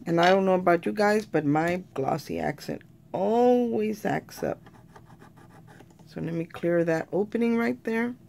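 A woman's voice: lowish voice, unhurried, gravelly, a little mellow, a little hiss or hum. A woman talking viewers through a craft tutorial in a chatty way, often calling them "you guys".

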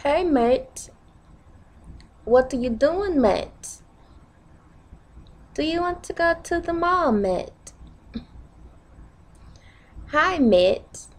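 A woman's voice: high-pitched, expressive, drawn-out words, long pauses, voice pushed up, exaggerated voice. A woman doing an attempted British accent as a chummy woman who coaxes a friend to the mall and ends every line with "mate." Her manner is repetitive and pleading. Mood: coaxing.

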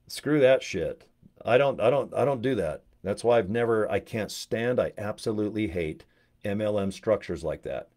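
A middle-aged man making a casual, profane, excitable pitch to camera, swinging between loud bursts and low asides. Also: normal speed. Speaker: network marketing promoter.

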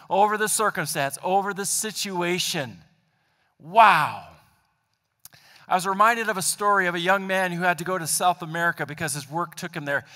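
A man's voice: sits high, bright, forceful tone. A man preaching a sermon and telling a story, emphatic and building repeated lists. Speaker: pastor. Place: church sanctuary. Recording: long hall reverb.

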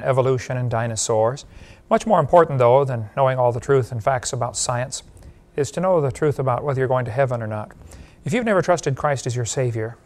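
A male evangelist preaching a sermon, an animated storyteller who laughs at his own jokes and appeals directly to the listener. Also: medium pitch.

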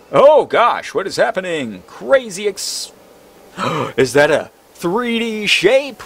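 A young man commentating a video game, excitable and quick to exclaim. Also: sits high, slightly rough. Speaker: gaming video host. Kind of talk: let's play commentary.

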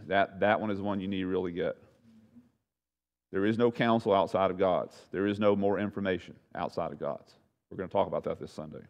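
A man's voice: sits low, steady tone, a little fast, lo-fi sound. A man teaching a Bible study lesson in a conversational, folksy way with self-deprecating asides.

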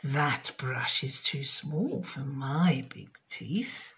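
A woman's voice: extremely low pitch, animated, drawn-out words, pitched below the performer's own voice, full character voice. A woman voicing a sly, hungry male crocodile in a storybook reading. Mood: smug. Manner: hushed, breathy and menacing.

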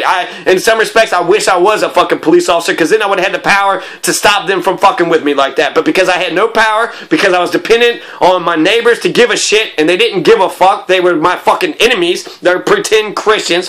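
Man, ranting monologue, angry, profane, rambling, tense bright voice. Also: high voice, quick pace, few pauses.

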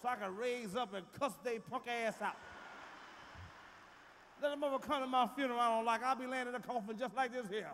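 Loud, profane stand-up comic, high voice. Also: male voice, brisk. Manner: loud, profane, booming delivery, shouts punchlines. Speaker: stand-up comedian. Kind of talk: stand-up routine. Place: large theater stage. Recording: live stage recording, big hall reverb, faint crowd noise.

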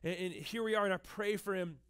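A man's voice: high voice, a little fast, a bit bright, smooth. A young adult man preaching a sermon as pastor, telling a personal story with frequent fillers and restarts.

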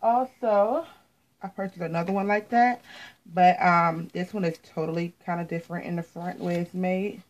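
American woman, chatty fashion vlogger, slightly low voice, casual haul talk, camera mic. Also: steady tone, moderate pace, poor audio. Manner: chatty, repeats words, says "you guys" often.

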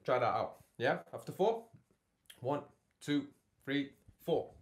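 A man's voice: medium pitch, lively intonation, slow pace, very noisy. A man teaching a beatbox workshop from his home studio. He keeps checking in with his learners with "yeah?" and "okay?". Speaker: beatbox tutor.

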